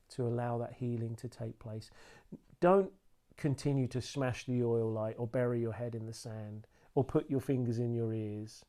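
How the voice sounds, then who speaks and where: A man giving an earnest sermon, slowing down to read scripture aloud. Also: medium pitch, mellow. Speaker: preacher.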